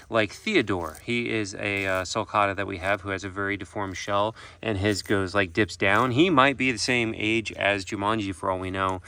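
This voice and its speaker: A man's voice: on the low side, pushed and bright. A man who keeps an animal sanctuary, narrating a casual vlog outdoors, explaining animal care plainly and cooing at the animals.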